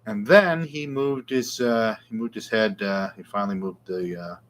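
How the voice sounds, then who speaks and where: A man's voice: fairly low pitch, normal speed, fairly bright tone. A middle-aged man, hosting a casual live guitar Q&A with rambling, self-deprecating chat. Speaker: guitar shop show host.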